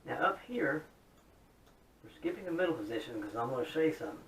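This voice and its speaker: A man's voice: big pitch swings, fast, crowd noise. Chatty man in a roomy, distant recording. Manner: folksy, chatty, upbeat. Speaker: guitar hobbyist showing his modded guitar. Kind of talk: casual demo talk to camera. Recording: roomy, distant mic with faint rumble.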